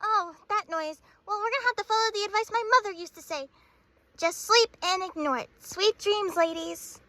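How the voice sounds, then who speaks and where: A woman voicing anime schoolgirls at a sleepover in a plush toy video, with excitable, quick back-and-forth chatter. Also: very high voice, no echo. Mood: lively.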